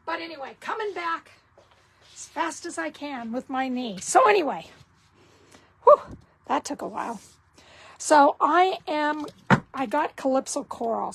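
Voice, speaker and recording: Woman, craft instructor, unhurried and relaxed, a bit high, husky tone. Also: slight background noise, rough recording. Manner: relaxed, talks slowly and thinks aloud. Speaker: card-making instructor. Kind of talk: casual craft tutorial.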